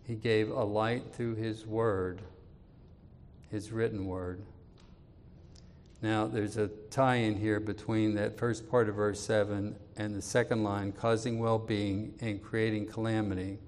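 A man preaching an expository sermon, reading scripture aloud with more force and dropping low and quiet when he appeals to his listeners. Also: little pitch movement, takes it slowly, big-room sound, slight background noise. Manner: reads scripture louder, drops low and quiet for personal appeals.

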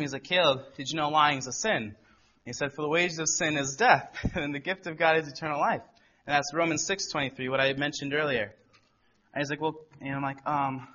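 A man's voice: medium pitch, bright, forceful tone, slight background noise. A young man earnestly telling a personal testimony, acting out the people in his story. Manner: earnest storytelling, quoting others in dialogue. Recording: muffled lo-fi recording.

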